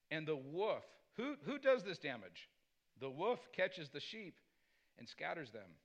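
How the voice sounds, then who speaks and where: A man's voice: fairly high pitch, sing-song, a little slow. A man preaching a conversational sermon as pastor, mixing personal stories with scripture and often asking "Amen?". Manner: punctuates points with "Amen?".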